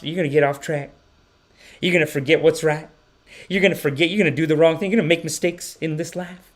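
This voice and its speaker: Speaking on the high side, this casual livestream podcast host jokes his way through clips with lively reactions. He laughs frequently and addresses his chat directly.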